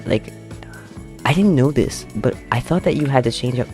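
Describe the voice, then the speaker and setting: Faint music plays behind a young artist streamer who chats casually while drawing, telling a wandering story full of giggles. His mid-range voice is a little mellow, with lively intonation and a moderate pace.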